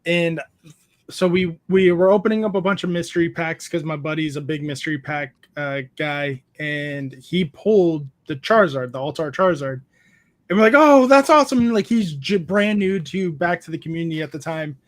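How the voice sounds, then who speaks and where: High-voiced man hosting a casual chat. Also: normal speed. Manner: animated, acts out quotes with a raised voice. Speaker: podcast host.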